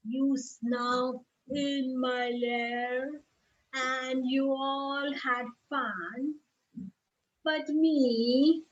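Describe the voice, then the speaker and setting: A woman's voice: sits high, steady tone. A woman voicing a grumpy, sleepy storybook bear who sulks about being left out. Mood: sulking. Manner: slow, sulky complaining. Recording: dull lo-fi recording.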